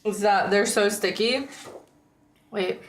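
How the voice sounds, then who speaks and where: A woman streamer talks casually to her viewers, rambling, with lots of "like" and "um". Her voice is slightly hoarse and sits at a middle pitch for a woman. The room has a noticeable echo. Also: slow. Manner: rambling, chatty, frequent likes and ums. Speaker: livestreamer.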